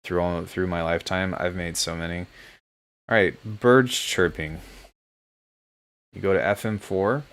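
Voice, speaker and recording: A man hosting a live stream from home as a music producer, chatting casually in a relaxed, joking way. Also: sits low, measured pace, pauses often. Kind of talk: casual livestream chat.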